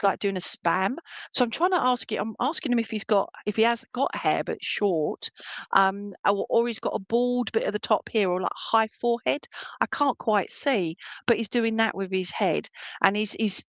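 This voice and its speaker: Woman medium, mid pitch, chatty and reassuring, gravelly, recorded at home. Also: normal speed, no room sound. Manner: chatty, reassuring, full of fillers. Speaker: spiritualist medium. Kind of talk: online service reading. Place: home room with a TV.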